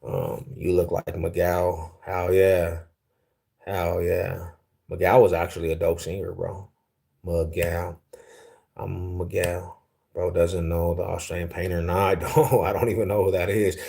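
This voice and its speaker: A young man from Denver on a casual livestream. His voice sits low, and he talks in a relaxed, slangy way as he reads out and answers viewer comments with easy amusement. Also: unhurried, creaky. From Denver, Colorado, US. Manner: laid-back, slangy, easily amused. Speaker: livestream host.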